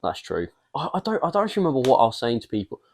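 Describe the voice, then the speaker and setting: Very fast and with wildly swooping pitch, a young English co-host rambles through stories in a casual podcast chat, laid-back and laughing frequently. His medium-pitched voice is a little mellow, with a little hiss or hum in the background.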